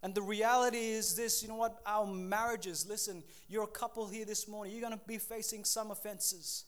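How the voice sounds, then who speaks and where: A pastor in his thirties, his voice sitting high, delivers an animated sermon. He acts out quick voices and laughs at himself.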